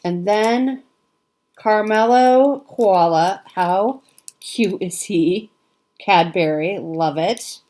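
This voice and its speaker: A woman vlogger talks slowly and unhurriedly as she unboxes a parcel, gushing with delight. Her voice sits at a medium pitch, and she laughs softly as she goes. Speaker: cross-stitch vlogger. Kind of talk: casual unboxing chat to camera.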